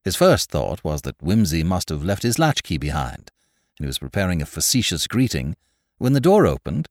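A man narrating a classic novel as an audiobook, telling the story with expressive rises and falls. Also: low voice, normal speed, no room sound, clean studio sound. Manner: expressive storytelling, rising with excitement.

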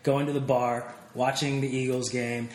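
A man's voice: mid-range voice, flat delivery, normal speed, a little mellow, echoey room. A man guest in a casual interview, talking candidly with many fillers and restarts.

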